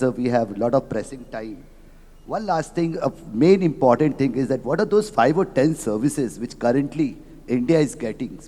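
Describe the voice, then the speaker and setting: A man moderates a conference panel with a mellow, warm tone, moving briskly to keep things on schedule. His voice trails off in the long reverb of a large hall. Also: medium pitch. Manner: brisk and keeps the session on time. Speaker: session moderator.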